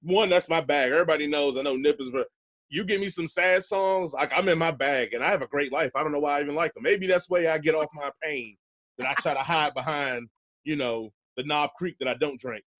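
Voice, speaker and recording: Laid-back man hosting, slightly high voice. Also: fairly quick, a bit bright. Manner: laid-back slangy talk, laughs often. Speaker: podcast host. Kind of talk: casual chat.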